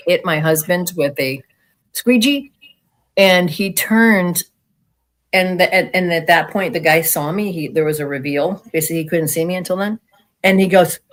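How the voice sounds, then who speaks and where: Animated woman telling a strange story. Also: fairly low pitch. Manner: animated, acts out quoted speech, frank. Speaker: guest sharing alien encounter experiences. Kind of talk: casual storytelling in conversation.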